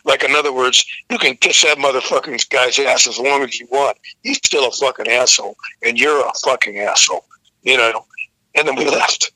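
An older man, a rock singer, telling a profane, animated story as a guest in a casual interview. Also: medium pitch, normal speed, dry recording, rough recording.

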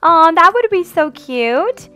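A woman hosting a family game roleplay as the mom, gentle and motherly in a singsong way. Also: very high voice, very animated, slow pace, soft background music. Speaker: channel host roleplaying the mom.

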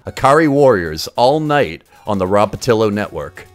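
A man's voice: lowish voice, very animated, normal speed, soft background music. A man streaming retro games, giving casual live commentary in a crude, sarcastic, joking way. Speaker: game streamer.

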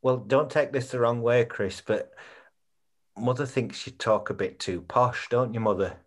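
On a video call for a comedy series, an actor plays a chatty son who is planning a funeral and keeps checking with his mother. He sounds blunt and earnest, with a natural, mid-range voice and a slightly slow delivery.

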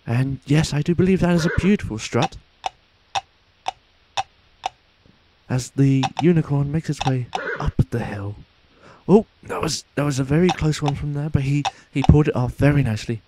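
A man playing a pompous, excitable sports announcer in mock commentary over a video game, with formal announcer phrasing, recorded on a noisy home mic. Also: very high voice, quick pace, few pauses, voice pushed up, exaggerated voice. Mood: hushed commentary. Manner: formal announcer phrasing, shouts at near misses.

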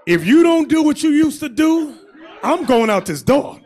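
Bishop guy preaching loud and jokey, real high husky voice jumping all over the place. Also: normal speed. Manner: animated, shouting and mocking, acting out quotes. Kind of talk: loose, comic preaching to a congregation.

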